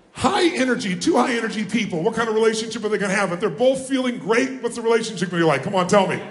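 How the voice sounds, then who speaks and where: Man shouting at a crowd, echoey hall. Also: high voice. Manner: commanding, rallies the audience with questions and call-and-response, often shouting. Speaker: motivational speaker. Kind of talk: live seminar address to a crowd. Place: large event hall with a live audience. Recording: echoey hall, faint ambience.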